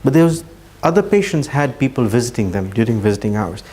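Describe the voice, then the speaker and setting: A man giving a religious talk, telling a story earnestly and slowing down for emphasis. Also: mid-range voice, very animated, warm tone. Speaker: Islamic speaker.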